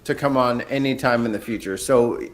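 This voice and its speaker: A man's voice: medium pitch, normal speed. A man co-hosting a podcast, chiming into a casual livestream chat with jokes. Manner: joking, laughing asides. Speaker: podcast co-host.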